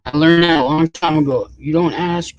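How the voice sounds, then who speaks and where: A man's voice: on the high side, fairly quick, lo-fi sound. A man hosting a casual live stream, rambling and swearing in exasperation while he chats with viewers.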